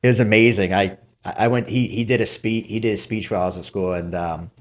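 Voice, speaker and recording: A middle-aged former Navy SEAL, speaking in a low voice, tells stories animatedly as a guest on a casual podcast. He throws in quick asides and acts out the quotes.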